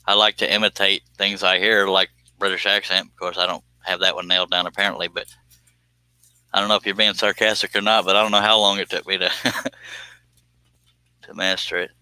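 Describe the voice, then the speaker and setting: A man's voice: low voice, level tone, normal speed, pauses often, bright, forceful tone, smooth. A man with a Southern US accent chatting casually to viewers on a phone live stream, rambling and self-deprecating with frequent chuckles.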